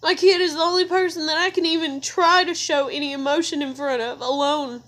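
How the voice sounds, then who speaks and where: A woman's voice: high-pitched, fairly even intonation, a little fast, fairly bright tone. A young mother crying and venting alone at home, tearful and swearing in an emotional vlog rant. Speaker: mother vlogging.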